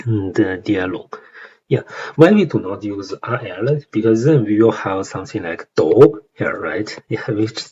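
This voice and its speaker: Young man, Chinese accent, low voice, halting tutorial delivery, dull lo-fi mic. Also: animated, warm tone, slightly rough. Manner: hesitant, many fillers and tag questions. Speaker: language learner explaining song lyrics. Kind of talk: casual tutorial explanation.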